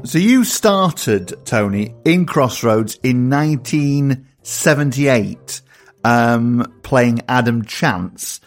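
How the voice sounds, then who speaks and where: Male interviewer, mid pitch, very varied intonation, slow deliberate questions. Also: lively intonation, soft background music.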